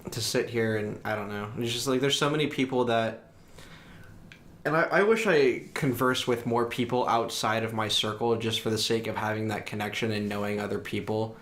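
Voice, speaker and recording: A man's voice: lowish voice, moderate pace, fairly bright tone. A young man co-hosting a podcast, musing in casual, rambling, thoughtful sentences. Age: young adult. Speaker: podcast co-host. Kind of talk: casual reflective chat.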